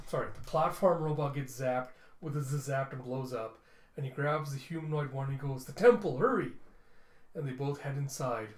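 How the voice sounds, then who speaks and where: Casual male comic reviewer. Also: mid-range voice. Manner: casual, with restarts and fillers. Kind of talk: casual comic readthrough narration. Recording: roomy echo.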